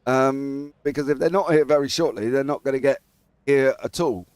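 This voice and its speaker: A man's voice: mid-range voice, normal speed, darkish tone, smooth, dry recording. A British man doing chatty live commentary on a sim race, reading out the grid and talking with his co-host. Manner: chatty, laughs easily, calls out names.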